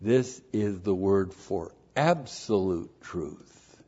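A man delivers a sermon at an unhurried, deliberate pace, stressing key words and repeating them for emphasis. He spells out Greek terms letter by letter. The recording sounds muffled and lo-fi, as if captured in a church. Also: sits low, lively intonation, dark tone, husky. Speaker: pastor. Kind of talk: expository sermon.

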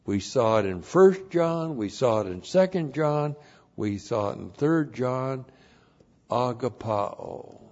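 A man delivers a sermon at an unhurried, deliberate pace, stressing key words and repeating them for emphasis. He spells out Greek terms letter by letter. The recording sounds muffled and lo-fi, as if captured in a church. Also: medium pitch, lively intonation, darkish tone. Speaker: pastor. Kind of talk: expository sermon.

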